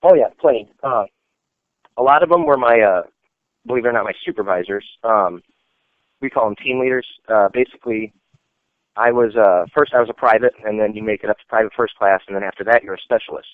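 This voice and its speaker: A fairly low-voiced veteran of the army speaks fairly quickly, rambling casually through his stories with plenty of "like" and "you know." The dry recording has a tinny, phone-like character.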